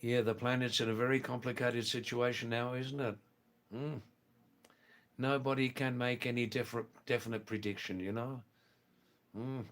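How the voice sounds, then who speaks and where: An older man, hosting a live stream and chatting with viewers in a relaxed, unhurried way. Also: mid-range voice. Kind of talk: casual live-stream chat reading viewer comments.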